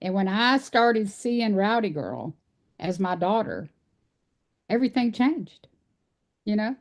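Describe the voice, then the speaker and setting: A woman's voice: mid-range voice, very animated, takes it slowly. Texan woman, interview guest, earnest folksy storyteller. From Texas. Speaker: guest, animal rights speaker. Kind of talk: casual interview conversation.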